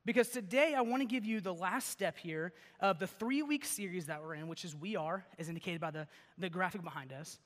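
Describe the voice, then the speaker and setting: A young male pastor with a high, bright voice delivers a laid-back sermon. He rambles through stories, peppering them with "like" and "okay?". His words ring with the long reverb of a large church hall. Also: fairly quick. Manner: chatty and animated, lots of "like" and "okay?". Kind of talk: casual sermon with personal stories. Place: church sanctuary.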